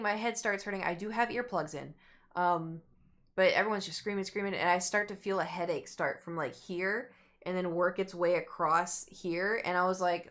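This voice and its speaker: A young adult woman streamer casually telling a long story to her chat, rambling and acting out what people said. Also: on the low side. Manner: rambling, animated, acts out quotes.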